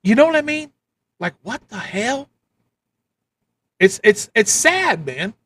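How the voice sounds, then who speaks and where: Ranting livestream man, high and bright. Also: sing-song, slow. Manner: ranting, repetitive, blunt. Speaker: livestream host. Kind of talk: political commentary livestream.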